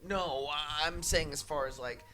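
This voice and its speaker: A man's voice: a little high, measured pace, crowd noise. A man from California, a podcast co-host, chatting casually in a laid-back way and chiming in with short replies. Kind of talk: casual chat.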